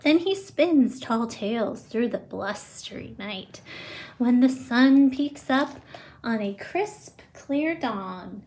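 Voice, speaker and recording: Woman preschool teacher, picture book read-aloud, very slow, high voice, animated with sound effects.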